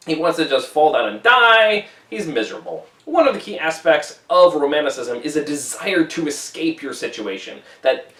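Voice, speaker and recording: A male teacher explains a classic novel with plenty of enthusiasm, his voice fairly high and swinging widely up and down. It sounds like a roomy, echoing space, and he is some distance from the microphone. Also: lively intonation, moderate pace, hardly any pauses, pushed and bright. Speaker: English teacher. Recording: roomy echo, away from the mic.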